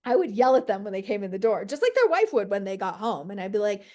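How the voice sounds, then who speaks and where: A woman business coach in a brash, profane, high-energy motivational monologue, full of "like" and "right?". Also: sing-song, fast, darkish tone.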